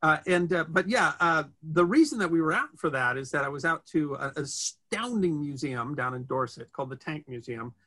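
A man's voice: a little high, expressive, moderate pace, hardly any pauses, sharp tone. A man, a guest in an interview, telling history stories in a rambling chat full of restarts and fillers. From United States.

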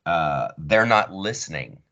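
A man's voice: low voice, big pitch swings, measured pace, pushed and bright, muffled recording. A man hosting his podcast in a rambling, joking, chatty way. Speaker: podcast host. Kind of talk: casual chat.

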